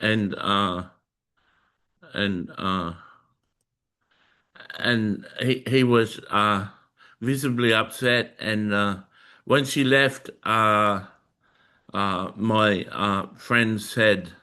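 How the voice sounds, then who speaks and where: A man recounts a personal religious testimony on his own channel, pausing often and filling the gaps with hesitant sounds. His voice sits a little low but has a bright, forward edge. He speaks very slowly. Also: fairly even intonation, clear, resonant tone. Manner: halting, with many filler sounds and restarts. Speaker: Christian video host sharing testimony.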